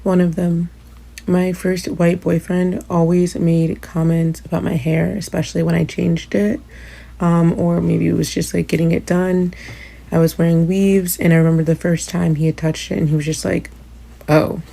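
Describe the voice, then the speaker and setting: A woman reflecting on her past relationships in a calm, low-key way. Her voice is strongly gravelly and husky, and it sounds dark and mellow with very little rise and fall. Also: moderate pace. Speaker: storyteller in a short clip. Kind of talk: casual storytelling.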